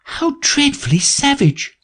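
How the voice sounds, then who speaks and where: A man's voice: sits high, very animated, a little mellow, slightly rough, pitched above the performer's own voice, full character voice. A man voicing a curious, polite young girl who is easily offended, in an audiobook. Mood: earnest. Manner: earnest, prim, quick to take offence. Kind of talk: audiobook character voice.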